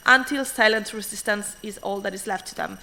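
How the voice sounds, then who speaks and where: Over poor audio, a woman with a mid-range, steady, sharp voice reads an academic conference paper. She hurries through it, frequently restarting words and using fillers.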